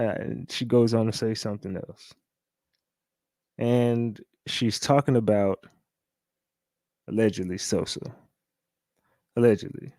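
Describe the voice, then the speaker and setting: A man hosting a casual livestream, talking loosely, repeating catchphrases and shouting out viewers. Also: fairly low pitch, steady tone, unhurried, vocal fry, pauses often, no room sound. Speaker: livestream host.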